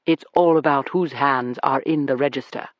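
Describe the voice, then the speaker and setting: A reader voicing a cheerful, evasive male club owner with a deep British accent, polite and smooth in an audiobook. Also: normal speed, dry recording, lightly acted. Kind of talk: audiobook character reading. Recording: dull dry recording.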